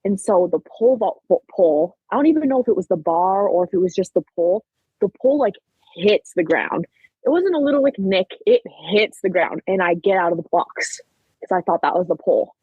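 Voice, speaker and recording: An 18-year-old woman from Minnesota, a high school track athlete, animatedly retelling a race story in a casual interview, full of "like". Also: fairly quick, slightly rough, no echo, phone-quality sound. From Minnesota, USA. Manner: animated retelling, many fillers like "like".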